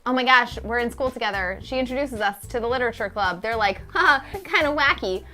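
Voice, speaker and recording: A woman's voice: on the high side, fairly even intonation, sharp tone, soft background music. Teasing woman gaming co-host. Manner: playful, teasing, quick recaps. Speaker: co-host playing a game. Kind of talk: casual let's-play banter.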